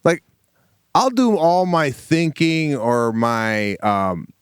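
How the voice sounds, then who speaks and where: A middle-aged man co-hosting a comedy podcast, telling animated stories about his family in a casual chat. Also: a little high, slow pace, smooth, no room sound, clean studio sound. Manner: animated storytelling, acts out family members.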